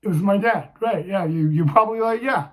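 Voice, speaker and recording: Emotional young man telling a personal story. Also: high voice. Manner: halting, with many restarts and fillers. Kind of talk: personal story told to viewers.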